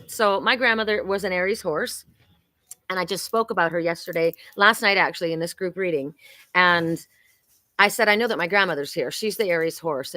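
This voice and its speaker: A woman's voice: lowish voice, sharp tone, no room sound. A woman hosting a live-streamed oracle card reading, chatty and exclamatory, talking straight to her viewers. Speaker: psychic card reader and host. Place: home in Sedona.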